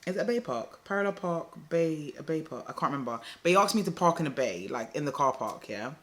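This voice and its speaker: This is a young woman, chatting straight to camera. Her voice is bright and forward. She rambles casually and drops "like" into nearly every sentence. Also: deep voice, expressive, fast. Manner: chatty, fills speech with "like", addresses viewers as "guys". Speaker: vlogger.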